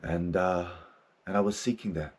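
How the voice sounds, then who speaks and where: A man's voice: deep voice, fairly even intonation, moderate pace. A man in his thirties, a podcast host and therapist, talking candidly in a casual monologue, swearing often and laughing as he goes.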